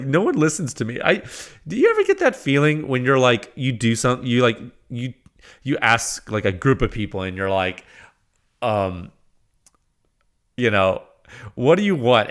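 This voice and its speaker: A male podcast host in a loose solo monologue. His pitch leaps around constantly, rising high for acted-out reactions and dropping low for asides. He talks in an excitable, rambling way. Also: gravelly.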